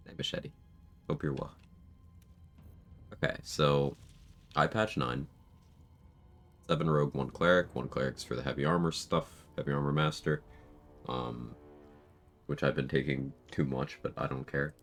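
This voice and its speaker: A man's voice: extremely low pitch, unhurried, long pauses, fairly bright tone, soft background music. A man streaming a game live, chatting casually with viewers in a groggy morning voice. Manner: laid-back, greets and answers chat.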